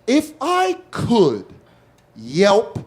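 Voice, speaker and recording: A man doing stand-up storytelling, animated, profane and self-mocking, in a comedy club. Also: high-pitched, extremely slow, background noise.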